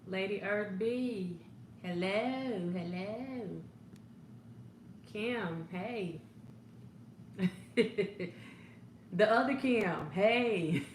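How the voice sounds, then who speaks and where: A woman life coach hosting a casual livestream, greeting viewers by name in a laid-back way with frequent ums and laughs. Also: mid-range voice. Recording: echoey room, faint background noise.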